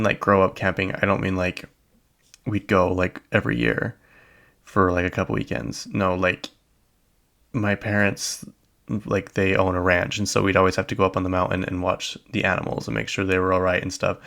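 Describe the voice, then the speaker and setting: A man's voice: deep voice, vocal fry, fairly bright tone. A young adult man hosting a solo podcast, chatting casually and rambling with lots of filler words and small laughs. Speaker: podcast host.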